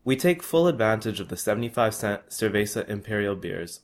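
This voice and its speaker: A young man reading his travel story aloud. His voice sits on the low side and he is earnest, now and then stumbling and restarting a word. He tells it plainly, in first person and present tense. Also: lively intonation, a little fast.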